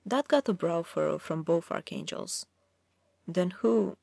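A woman's voice: lowish voice, expressive, moderate pace, vocal fry, a little mellow, no echo, clean studio sound. A woman narrating a dramatic fantasy story aloud, reading expressively.

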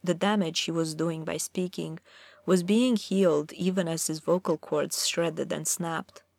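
A woman's voice: lowish voice, steady tone, measured pace, creaky, a little mellow, no room sound. A woman narrating a dramatic fantasy story aloud, reading expressively.

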